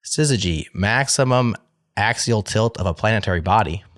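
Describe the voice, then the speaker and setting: Lively low-voiced male game host. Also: moderate pace, no room sound, clean studio sound. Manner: laughing, playful, reads definitions aloud. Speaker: podcast host, game show moderator. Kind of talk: casual game-show banter.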